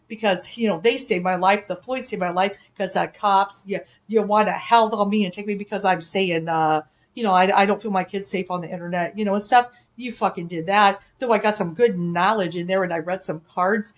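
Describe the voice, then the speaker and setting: Rambling, profane woman ranting to camera. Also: medium pitch. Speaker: vlogger. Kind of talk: unscripted rant to camera. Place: hotel room.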